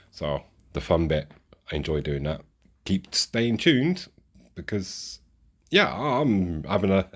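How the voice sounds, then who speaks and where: A man talks through his scenery build in a casual, rambling way, joking at his own expense. His voice sits very low and has a husky edge. He is recording outside. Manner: rambling, chatty, self-deprecating. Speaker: model railway hobby vlogger. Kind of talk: casual hands-on craft commentary. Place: outdoors.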